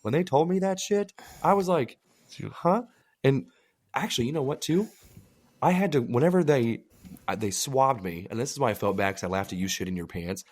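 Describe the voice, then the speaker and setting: A man co-hosting a casual podcast, telling crude, animated stories and acting out the people in them. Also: medium pitch, fairly quick. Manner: animated storytelling with acted-out quotes; crude joking. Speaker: podcast co-host. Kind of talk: casual chat.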